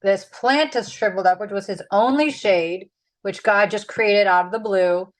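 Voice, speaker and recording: A woman's voice: medium pitch, normal speed, poor audio. A woman leading a casual Bible study, chatty and full of fillers. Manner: chatty, with many "like"s and "um"s.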